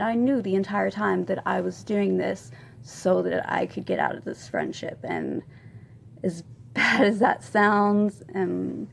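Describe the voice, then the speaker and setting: A woman in her twenties telling a confessional story as a vlogger, rambling with many ums and soft laughs. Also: mid-range voice. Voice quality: gravelly vocal fry. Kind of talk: storytime vlog.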